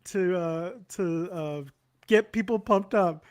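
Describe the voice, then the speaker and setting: High-voiced young man chatting football. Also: slow. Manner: rambling, laughing, swearing freely. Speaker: channel host. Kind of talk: casual chat about football.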